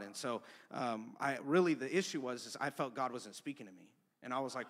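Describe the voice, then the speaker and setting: A man's voice: mid-range voice, quick pace, few pauses. Young male preacher in a reverberant church. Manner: casual, conversational preaching with storytelling. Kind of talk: sermon. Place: church sanctuary. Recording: long church-hall reverb.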